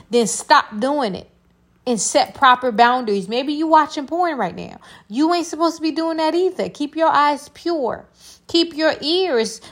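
Young woman, podcast host, emphatic preaching, repeats herself. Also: sits high. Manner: prays softly and quietly. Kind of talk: faith podcast, preaching and prayer. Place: alone indoors.

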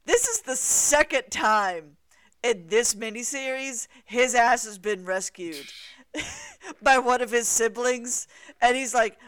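A podcast co-host in casual talk about comics, speaking deliberately with hedging fillers and quick laughs. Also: medium pitch, animated, a bit bright, no room sound, studio quality.

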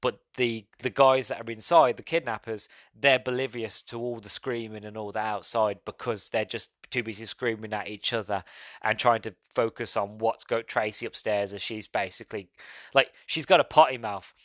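A man's voice: on the low side, steady tone, moderate pace, a bit bright, no echo. Rambling man reviewing films. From Britain. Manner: rambling, laughs often, goes off on tangents. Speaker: podcast host. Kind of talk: casual film review.

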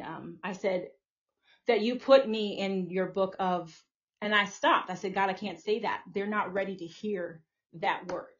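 Woman podcaster ranting live; bright, high-ish voice, cursing and preaching, lo-fi sound. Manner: profane, confrontational, preachy. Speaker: podcast host. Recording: muffled lo-fi audio.

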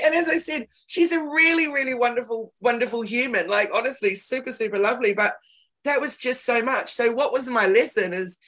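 A woman's voice: fairly high pitch, a little fast, a bit bright. A woman hosting a casual chat, telling candid stories with emphatic repeated words.

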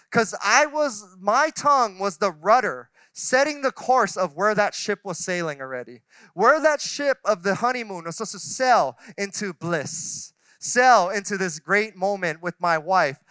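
A man's voice: high voice, sharp tone, clear, resonant tone, no room sound. A man in his forties preaching a sermon as a pastor, talking in a conversational, self-deprecating way with frequent restarts and asides. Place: church sanctuary.

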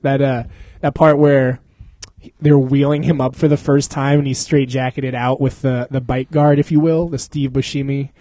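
A man's voice: medium pitch, flat delivery, normal speed, mellow, no room sound. A man from Florida hosting a casual podcast chat, telling stories animatedly, swearing freely and laughing often. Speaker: podcast host.

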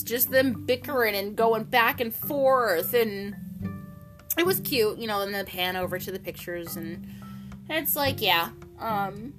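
A woman's voice: high voice, lively intonation, a little slow. A woman giving a casual, opinionated recap of an episode, chatting along and acting out the quotes as she goes. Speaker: soap opera recapper. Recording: music playing underneath.

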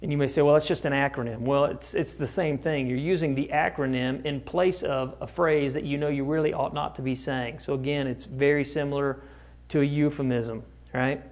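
A man's voice: mid-range voice, steady tone, fairly quick, darkish tone. A man preaching a conversational sermon, often asking his listeners rhetorical questions. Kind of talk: sermon teaching.

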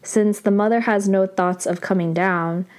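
A woman retelling a young female tutor's lines in her own voice, quick and a bit exasperated. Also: mid-range voice, fairly even intonation, darkish tone, natural voice. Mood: explaining. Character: young woman tutor, gentle but blunt.

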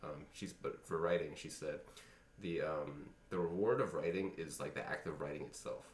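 A man's voice: a bass voice, normal speed. A man co-hosting a casual podcast, talking in a rambling, reflective way with many fillers. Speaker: podcast co-host. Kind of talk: casual chat. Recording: echoey room, far from mic, faint noise.

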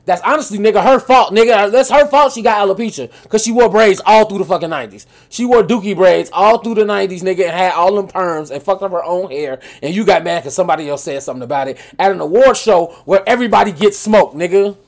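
A man co-hosting a podcast, telling animated stories in casual chat with plenty of profanity. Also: high-pitched, fast, vocal fry, hardly any pauses. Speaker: podcast co-host.

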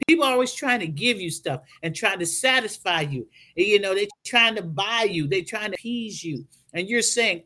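A woman guest speaker on a podcast, telling a story in an animated preaching style. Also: medium pitch, normal speed, few pauses. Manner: animated storytelling, acts out voices.

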